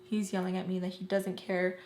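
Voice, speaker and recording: With a fairly low, slightly mellow voice and a completely flat delivery, a woman vlogger tells a personal story while applying makeup, speaking quickly and emotionally with many fillers, especially "like". The recording is echoey with slight background noise.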